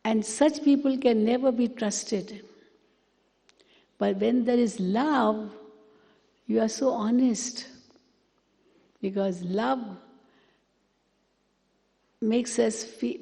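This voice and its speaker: A woman giving a spiritual class, speaking gently and repeating words for emphasis. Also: medium pitch, fairly even intonation, slow, gravelly, long pauses. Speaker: spiritual teacher. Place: meditation hall. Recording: long hall reverb.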